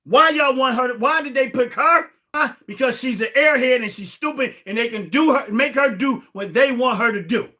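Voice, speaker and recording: An American man hosting a livestream, ranting in an indignant, repetitive way and often raising his voice to a shout. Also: very high voice, moderate pace, hardly any pauses. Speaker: livestream host. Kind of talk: heated political livestream rant.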